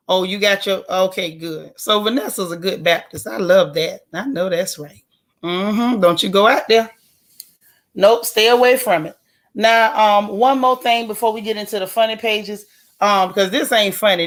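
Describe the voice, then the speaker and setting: A woman hosting a live stream, chatting casually and outspokenly as she reads viewer comments. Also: mid-range voice. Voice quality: raspy. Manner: chatty, folksy and outspoken, with Southern colloquial phrasing.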